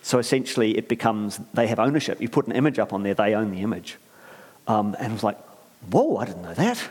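A man's voice: lowish voice, fairly even intonation, fast talker, darkish tone, breathy edge. A man preaching a conversational sermon in a church, rambling and chatty, often asking the congregation questions. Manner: rambling, chatty, many fillers and restarts, asks the audience questions. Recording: reverberant church hall.

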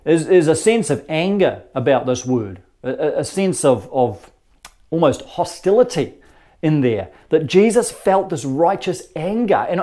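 Earnest man preaching, mellow voice. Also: on the high side. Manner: earnest, conversational storytelling with repeated words. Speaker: pastor. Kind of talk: sermon.

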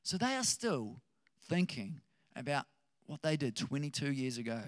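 A man preaching a sermon in a conversational, animated way, with chuckling asides to his listeners. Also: mid-range voice, moderate pace, no room sound, studio quality.

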